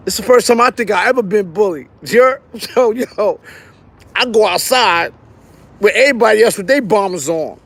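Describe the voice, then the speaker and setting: A middle-aged man from Brownsville with a New York accent, telling a story in casual, animated street slang. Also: high voice, moderate pace, vocal fry. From Brownsville, Brooklyn. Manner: animated, slangy, acts out quotes with raised voice.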